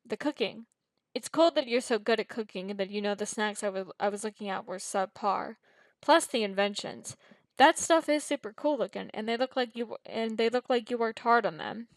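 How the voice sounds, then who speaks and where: A relaxed young adult with a teasing, unbothered way of talking, as a woman reads the part. The sound is dry and close, with no room echo. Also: on the high side, moderate pace, close to an everyday voice.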